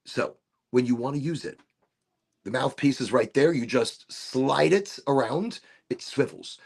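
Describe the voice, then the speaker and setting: A man's voice: medium pitch, expressive, unhurried, gravelly, darkish tone, breathy edge. A middle-aged man casually demonstrating a vaporizer on a livestream, playful and prone to silly asides.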